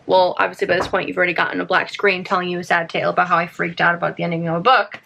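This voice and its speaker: A woman chatting casually in a reading vlog, gushing and excitable as she talks about a book. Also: on the low side, rapid-fire, creaky, slight background noise. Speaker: book vlogger. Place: outdoors on a work break.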